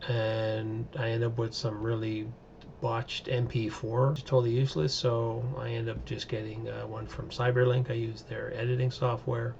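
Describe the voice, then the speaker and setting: A man's voice: medium pitch, little pitch movement, moderate pace, creaky, a little mellow, muffled recording, slight background noise. A man in a casual solo video review, talking in a chatty, rambling way with lots of fillers and asides, recorded on a webcam microphone at home.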